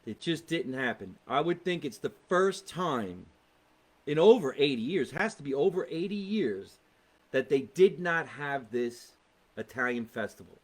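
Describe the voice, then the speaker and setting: Chatty New Jersey comedian, higher voice. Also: male voice, lively intonation, measured pace. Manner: chatty, rambling, exasperated asides. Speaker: comedian and podcast host. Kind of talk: casual live podcast chat, reading viewer comments.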